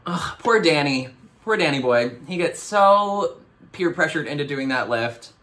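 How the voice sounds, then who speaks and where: A young Canadian man with a Canadian accent, reacting to his old TV show in animated, self-mocking casual commentary. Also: fairly high pitch, measured pace.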